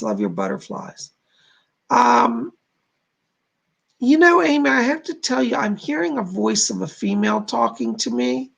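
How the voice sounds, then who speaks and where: Gravelly, husky man doing live psychic readings. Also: very high voice, a bit bright. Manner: chatty, relays messages with frequent "she said". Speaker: psychic medium. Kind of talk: live-streamed readings for viewers.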